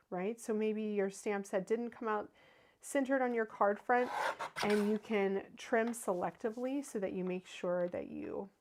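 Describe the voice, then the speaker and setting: With background noise behind her mid-range voice, a woman in her thirties talks casually through a card-making livestream. She works on her cards and answers what viewers write in the chat.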